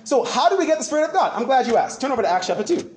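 A man preaching a sermon, asking questions back to his congregation in an animated way. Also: extremely high pitch, racing, a little hiss or hum. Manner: animated, call-and-response with the congregation. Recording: echoey room.

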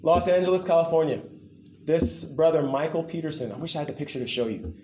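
A man preaches a sermon in a high voice whose pitch swoops up and down. He acts out the quotes he tells and asks the listeners to answer him. The sound rings in an echoey hall. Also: fast, slight background noise. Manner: animated, acts out quotes, asks the crowd for replies. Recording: echoey room.

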